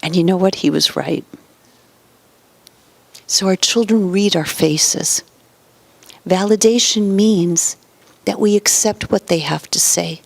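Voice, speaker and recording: A woman giving a parenting lecture in numbered points, acting out quoted parents and children and often dropping to a soft whisper. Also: lowish voice, slow pace, vocal fry, pauses often, no room sound. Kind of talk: motivational lecture.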